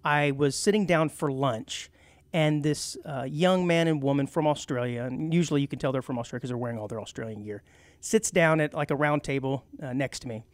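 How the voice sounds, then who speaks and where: Middle-aged guy cohosting a radio show, animated storyteller, laughs a lot, dry close studio mic. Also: mid-range voice, fairly quick, no echo. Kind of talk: casual chat.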